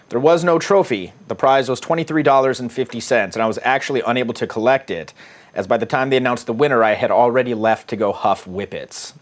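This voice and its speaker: A man's voice: mid-range voice, quick pace. A man, a dating coach, casually talking through text exchanges in a crude, irreverent, offhand way. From United States.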